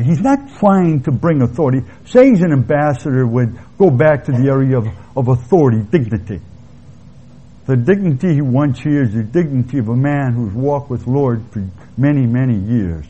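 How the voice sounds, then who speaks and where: A man preaching an expository sermon in a conversational way, pausing to restate his points. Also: mid-range voice, warm tone, breathy edge, lo-fi sound.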